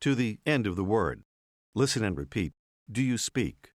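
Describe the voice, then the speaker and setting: A man narrates a language lesson in a clear, measured way. His voice sits fairly low but rises and falls a great deal. The recording is dry and close. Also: sing-song, dry recording. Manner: clear, measured teacher's delivery. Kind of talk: scripted instructional narration.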